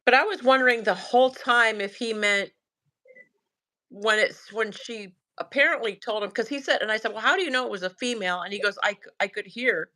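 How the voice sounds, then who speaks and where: Her voice is a little high and brisk. She's a Southern-accented guest sharing a sighting story in casual chat, playing out what her son said and what she said, animated and laughing a lot.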